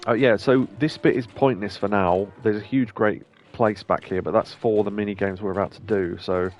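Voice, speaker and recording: A man's voice: lowish voice, steady tone, moderate pace, a little mellow, dull audio, soft background music. A man hosting a game stream, commenting in a chatty, rambling way, laughing often and occasionally swearing. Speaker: streamer host. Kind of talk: let's play commentary.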